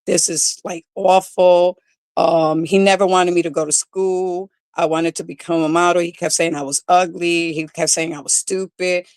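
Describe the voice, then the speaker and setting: A woman's voice: fairly low pitch, little pitch movement, normal speed, darkish tone, dry recording. A middle-aged woman, a domestic violence coach, telling her own hard story as a guest in an interview, candid and emotional with many fillers. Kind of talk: personal testimony in an interview.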